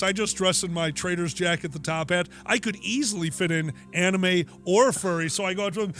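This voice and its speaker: A man's voice: high voice, a little fast, hardly any pauses, faint music behind. A man co-hosting a casual chat show, telling stories and acting out the people in them. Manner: animated, acts out quotes in voices. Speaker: podcast co-host.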